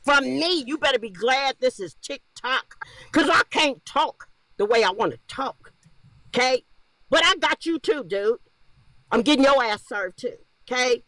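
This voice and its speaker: Angry woman, high bright voice, dry close sound, profane livestream rant. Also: animated, a little slow, dry recording. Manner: furious, profane, shouting and repeating herself.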